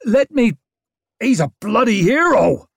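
A man voicing a wounded young war hero who calls out loudly and eagerly. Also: high-pitched, a little slow, gravelly, slightly rough, no echo, clean studio sound, voice pushed up, exaggerated voice. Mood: excited. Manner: loud, excited calling.

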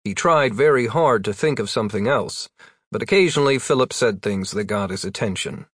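A man narrating a story in a plain, even storytelling voice. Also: medium pitch, moderate pace, no room sound, studio quality. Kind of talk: audiobook narration.

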